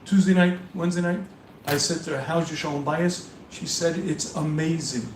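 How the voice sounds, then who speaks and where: A high-voiced man lectures a live audience as a rabbi, pressing his points with emphatic repetition. He sounds distant from the mic in an echoey hall with faint noise behind. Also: steady tone, moderate pace. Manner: emphatic, repeats warnings, acts out questions. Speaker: rabbi giving a marriage seminar.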